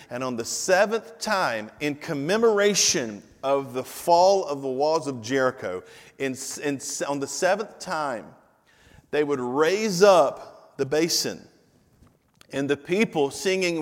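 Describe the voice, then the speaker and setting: A man's voice: fairly high pitch, lively intonation, takes it slowly. Preaching man in a reverberant hall. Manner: emphatic preaching, repeating phrases and building to loud climaxes; informal asides to the congregation and tech team. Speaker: pastor. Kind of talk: sermon. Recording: long reverb of a large hall.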